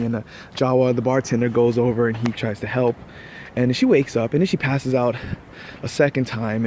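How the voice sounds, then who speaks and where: A man's voice: medium pitch, fast talker, darkish tone, slight background noise. A man casually telling a long personal story, rambling and restarting his sentences, now and then laughing at himself. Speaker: vlogger.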